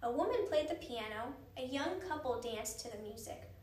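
A woman reading a children's book aloud in a gentle, expressive way. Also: high-pitched, moderate pace, reverberant, far from the mic. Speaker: reader.

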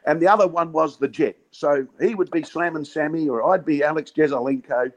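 A former cricket captain in his sixties from Western Australia swaps stories as a guest in a casual chat, his voice on the high side and his pace brisk. He's a yarning storyteller who laughs often and calls everyone "mate." The recording sounds muffled.

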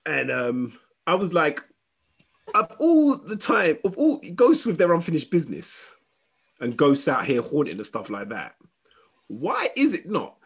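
A man's voice: fairly high pitch, huge pitch swings, unhurried, husky. A man co-hosting a casual chat, swearing freely and laughing as he riffs on jokes. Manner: swears a lot, laughs often, slips into shouted impressions. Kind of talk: crude comedic banter.

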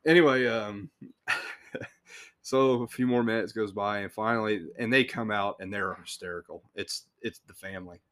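A man's voice: lowish voice, moderate pace, fairly bright tone. A man hosting a podcast, telling a work story in a casual, rambling way with swearing, restarts and chuckles.

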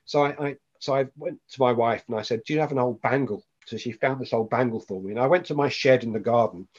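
A man's voice: mid-range voice, fast, slightly rough, dull audio. A man, a podcast guest, tells a personal story with animation and acts out the voices of the people in it.

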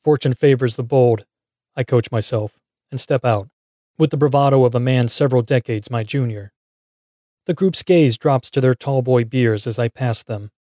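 Dark-voiced man narrating a horror tale. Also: mid-range voice, no room sound, studio quality. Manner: wry, dramatic storytelling. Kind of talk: first-person scripted narration.

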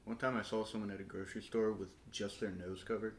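A man's voice: on the low side, level tone, fast, a crowd in the background. A man co-hosting a podcast, chatting casually and reacting to the others with teasing banter. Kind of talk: casual chat.

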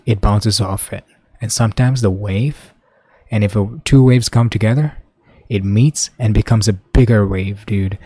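A man's voice: fairly low pitch, slightly rough, no echo. Profane rambling young man podcasting. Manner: rambling, profane, swings between mumbling and loud outbursts. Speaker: podcast host. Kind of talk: casual solo podcast monologue.

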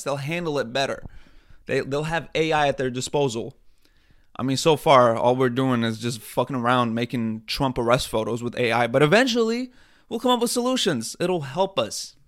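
A man hosting a podcast, talking in a casual comedic rant, animated and profane, rambling with frequent restarts. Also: a little high. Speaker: podcast host.

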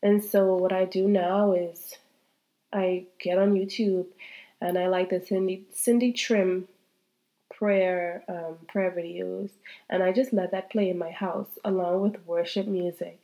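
A woman's voice: lowish voice, steady tone, measured pace, mellow. A woman in her thirties hosting a faith-based podcast, speaking candidly and heartfelt, still congested from a cold. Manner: heartfelt, repetitive, talks straight to listeners. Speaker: podcast host.

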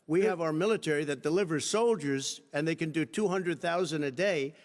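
A man's voice: fairly high pitch, fairly quick. A man in a heated televised debate, combative and constantly talking over his opponent. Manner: combative, talks over others. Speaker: debate candidate. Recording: long hall reverb, debate stage.

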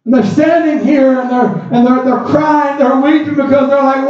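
Preacher man shouting his sermon in an echoey church. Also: very high-pitched, fairly even intonation, moderate pace, hardly any pauses. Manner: rising to shouts, acting out biblical characters. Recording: roomy echo, distant mic, dull sound.

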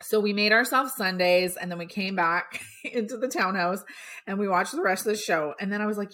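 A woman hosting a podcast, telling a personal story in a lively, animated way. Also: brisk. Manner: animated storytelling, acts out quotes with big pitch jumps. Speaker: podcast host.

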